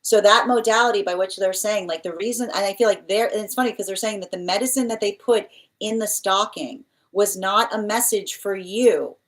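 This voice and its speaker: A woman's voice: medium pitch, brisk. A woman doing a live tarot reading, rambling and repeating phrases as she relays spirit messages. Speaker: tarot reader.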